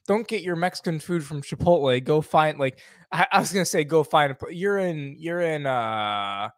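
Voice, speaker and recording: A man's voice: on the high side, expressive, moderate pace, dry recording. A young man co-hosting a podcast, chatting casually, laughing often and swearing freely. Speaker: podcast co-host. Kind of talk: casual chat.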